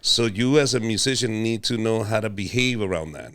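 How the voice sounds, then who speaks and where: A man hosting a casual podcast interview, his voice low and smooth. He jokes, swears freely and slips between English and Spanish mid-sentence. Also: a little fast, a bit bright. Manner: joking, profane, switches between English and Spanish. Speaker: podcast host, comedian.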